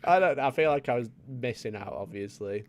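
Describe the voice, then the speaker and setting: A man's voice: mid-range voice, lively intonation, a little fast. A young man hosting a casual livestream, laughing often and checking his audio setup with his viewers. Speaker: livestream host.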